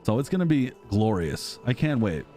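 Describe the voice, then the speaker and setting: Casual American streamer in his thirties, chatty and self-mocking, soft music underneath. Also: medium pitch, big pitch swings, moderate pace. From United States. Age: 30s. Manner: chatty, self-deprecating, rambling. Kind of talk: casual live-stream chat reading comments.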